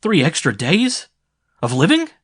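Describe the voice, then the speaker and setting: Narrator as an earnest young man; low, plain, searching. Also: moderate pace, no room sound, studio quality, natural voice.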